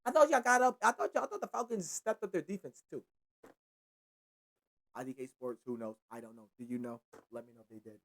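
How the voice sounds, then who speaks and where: A man's voice: on the high side, fairly quick, vocal fry, long pauses. A young man hosting a casual sports show, ranting in a slangy, profane and repetitive way. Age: young adult. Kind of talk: casual sports commentary rant.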